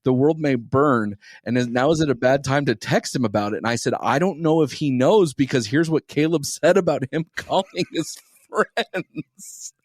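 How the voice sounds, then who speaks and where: Animated male podcast co-host, dry sound. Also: medium pitch, normal speed, no echo. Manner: animated storyteller, swears freely. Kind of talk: casual podcast banter.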